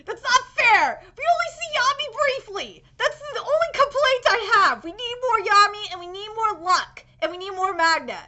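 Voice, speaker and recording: Very high, bright, gushing young woman. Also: normal speed, few pauses. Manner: gushing, excitable, swears a lot, squealing outbursts. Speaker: anime reaction streamer. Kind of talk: live reaction commentary.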